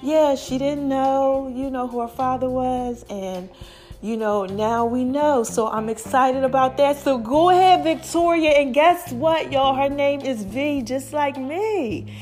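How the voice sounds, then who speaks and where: A high-voiced, middle-aged woman hosts her own podcast in a loose, chatty monologue. She bounces between slang, laughter and shout-outs to her listeners. Faint music plays under her voice. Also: a little slow. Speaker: podcast host. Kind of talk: casual solo podcast monologue.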